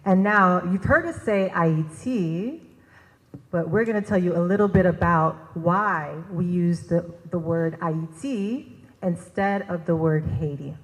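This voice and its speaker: A woman's voice: on the low side, measured pace. A woman co-presenting at a conference, reading prepared remarks and leading the audience in repeating a phrase. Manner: reads prepared text, leads the audience in repeating. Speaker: executive director, co-presenter. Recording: reverberant hall.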